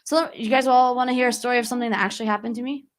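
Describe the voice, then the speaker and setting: A woman's voice: a little high, steady tone, racing. A young adult woman giving a conversational talk to an audience at a community center, telling a personal story and often asking the listeners questions. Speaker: guest speaker. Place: community hall.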